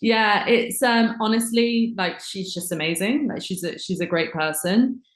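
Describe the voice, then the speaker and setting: A woman's voice: medium pitch, unhurried. Chatty London woman in echoey room. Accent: London English. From England. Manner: chatty, swears freely, many fillers. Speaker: podcast guest. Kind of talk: casual chat. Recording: roomy echoey sound.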